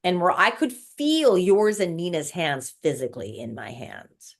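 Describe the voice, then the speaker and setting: A woman's voice: on the low side, huge pitch swings, unhurried. A woman guest telling an emotional spiritual story in casual conversation, repeating words as she recounts it. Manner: emotional, repetitive, breathless recounting.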